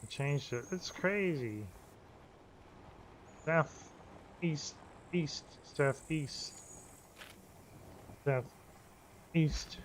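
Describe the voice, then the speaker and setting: Brief: male streamer, excitable, swears a lot, faint hiss behind. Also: fairly high pitch, very slow, long pauses. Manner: swears freely, talks to himself, excitable. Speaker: game streamer. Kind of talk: live gameplay commentary. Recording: faint background noise.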